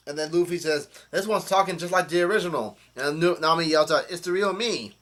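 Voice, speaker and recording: A man casually recapping a comic chapter, reading quoted lines aloud in a halting, hesitant way. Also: fairly high pitch, fairly bright tone. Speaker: manga chapter reviewer.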